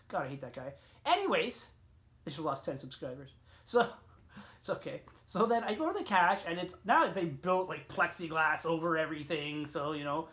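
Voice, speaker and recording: A middle-aged man telling a rambling story on his vlog. He swears freely and meanders from one aside to the next. His voice leaps up in pitch and volume without warning, then drops back to a grumble. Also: lively intonation, moderate pace. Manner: rambling, profane, frequent sharp jumps in pitch and loudness. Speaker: vlogger. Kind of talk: casual storytelling rant.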